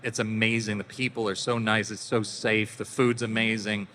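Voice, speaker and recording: A middle-aged man from Canada speaks as a convention panel guest. His voice is bright and forceful, and he tells anecdotes with laughter and little acted-out voices. Long hall reverb and a faint hiss sit around him. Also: on the low side, flat delivery, moderate pace. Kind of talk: casual storytelling to an audience.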